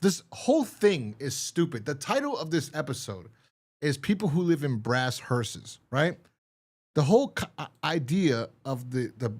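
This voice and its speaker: A man's voice: mid-range voice, a little mellow. A man co-hosting a podcast in casual chat, rambling and exasperated as he retells a TV episode and acts out its lines. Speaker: podcast co-host.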